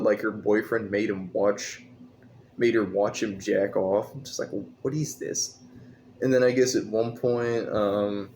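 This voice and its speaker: Low-voiced man ranting profanely. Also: a little mellow, slight background noise. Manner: profane, scornful, rambling. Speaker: movie reviewer. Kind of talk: casual rant.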